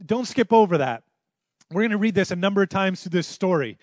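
A pastor preaching to his church in a notably high male voice. He tells the story in a relaxed, conversational way and acts out the quotes as he goes. The sound is close and dry, with almost no room echo. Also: fairly quick. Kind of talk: sermon.

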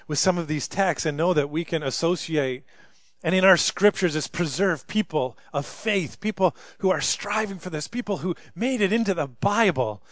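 Animated high-voiced male preacher. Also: dry recording. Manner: animated, dramatizes scripture voices, rising loudly for emphasis. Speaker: pastor. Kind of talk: sermon.

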